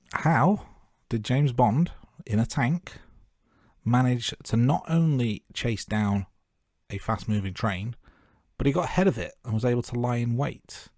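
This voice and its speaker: A man's voice: on the low side, a little mellow, no echo, clean studio sound. A man co-hosting a film podcast, chatting casually and joking at his own remarks. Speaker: podcast co-host. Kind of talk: casual film-review chat.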